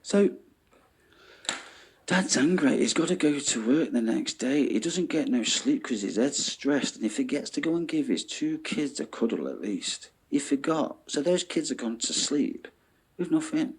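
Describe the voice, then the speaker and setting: Husky man ranting animatedly. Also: mid-range voice, a little slow. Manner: animated, swearing, checks in with "yeah?". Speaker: vlogger. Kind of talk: ranting monologue.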